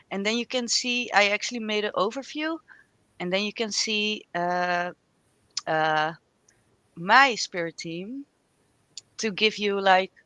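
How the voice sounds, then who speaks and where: Woman, tarot co-host, casual rambling chat, unhurried, bright voice. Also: mid-range voice, no room sound. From Spain. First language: Spanish. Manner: rambling, chatty, laughs often, trails off mid-sentence. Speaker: tarot reader, livestream co-host.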